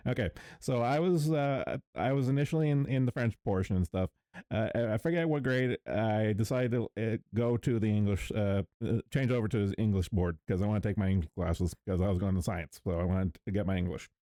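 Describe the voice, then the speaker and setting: A man from Canada telling rambling stories in casual chat, with a lowish voice and a mellow, soft tone. The sound is close and dry. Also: fairly quick, dry recording. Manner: rambling anecdotal storyteller.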